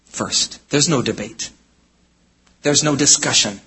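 A man preaching a sermon from the United States, in an emphatic style that swings between loud exclamations and low, intense statements. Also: takes it slowly, slightly rough. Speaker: pastor. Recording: hall reverb.

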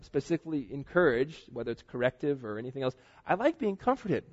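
A middle-aged male pastor gives an earnest, chatty sermon in a church, his slightly high voice carrying a husky edge. The recording is dull and lo-fi. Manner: conversational, earnest preaching with asides.

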